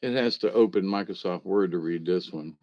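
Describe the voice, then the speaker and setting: A man's voice: low voice, brisk, no echo, muffled recording. A man reading jokes aloud in a casual way, chuckling and adding wry asides between them. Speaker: comedy reader.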